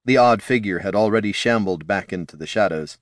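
A man narrating a fantasy story in a steady, storytelling delivery. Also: fairly low pitch, fairly quick, dry recording, studio quality.

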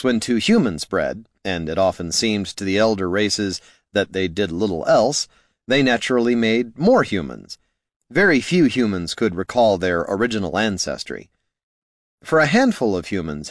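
Male audiobook narrator, lower voice, wry dry delivery, close dry studio sound. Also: no room sound.

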